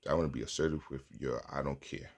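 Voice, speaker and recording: A man with a gravelly voice talks through a motivational pep talk and often repeats his own phrases. His voice sits extremely low, with plenty of creak. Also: steady tone, quick pace. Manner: coaching, repeating phrases, acting out sample lines. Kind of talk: motivational self-talk monologue.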